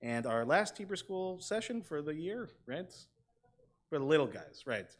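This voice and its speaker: A man's voice: fairly high pitch, very animated, normal speed. A congested man chatting through announcements as leader of a synagogue service, with loose trailing asides. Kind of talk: congregation announcements. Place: synagogue sanctuary.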